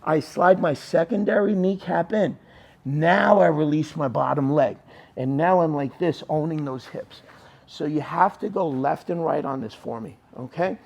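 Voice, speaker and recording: A man's voice: on the high side, creaky, a little mellow. A man teaching jiu-jitsu technique on the mat, coaching students and checking in with "right?" and "okay?", now and then acting out what a student would say. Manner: acts out students' lines in quick asides. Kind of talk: mat-side technique instruction.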